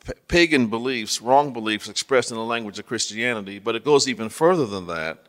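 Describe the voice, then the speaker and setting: A man, a guest author, explains his ideas in an unhurried teaching manner. He stumbles and restarts often and keeps checking that his listeners are with him. His voice sits at a middle pitch and rings with a long hall reverb. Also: pushed and bright. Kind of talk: conversational teaching.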